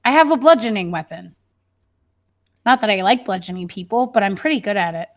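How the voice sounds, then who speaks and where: A woman's voice: medium pitch, lively intonation, brisk. A woman playing a character in a tabletop game, chatty and playful in tone. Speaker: player. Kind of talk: in-character tabletop role-play.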